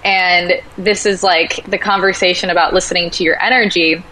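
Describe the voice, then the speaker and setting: A woman talking casually as a podcast guest, animated, acting out quoted voices as she tells stories. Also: fairly low pitch, moderate pace, poor audio. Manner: animated storyteller, acts out quotes. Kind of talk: casual conversation.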